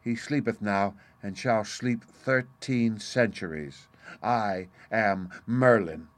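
A man reading an audiobook, voicing a malicious old male wizard who speaks in slow, loud, solemn archaic phrases. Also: lowish voice. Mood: gloating.

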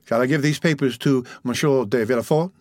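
A dutiful old servant asks polite, deferential questions, as a male reader voices him in an audiobook. The voice stays at a middle pitch, close and dry. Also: a little fast, a little mellow, no echo, lightly acted. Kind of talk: audiobook reading.

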